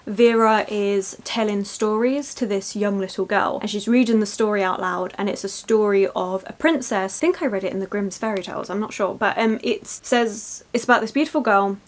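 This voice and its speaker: A woman's voice: medium pitch, moderate pace, hardly any pauses. A woman chatting casually in a reading vlog, enthusiastic and prone to tangents. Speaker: book vlogger.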